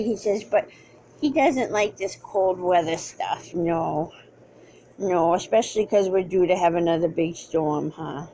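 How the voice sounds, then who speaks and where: A woman's voice: fairly low pitch, unhurried, mellow, slight background noise. A woman talking to her pets at home in a casual vlog, slipping into cooing baby talk as she speaks for them. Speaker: pet vlogger. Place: home, indoors.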